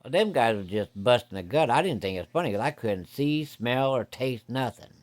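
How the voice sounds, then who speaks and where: A man's voice: medium pitch, animated, a little fast. Folksy man spinning a yarn. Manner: folksy, profane, vivid. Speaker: storyteller. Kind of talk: casual spoken storytelling.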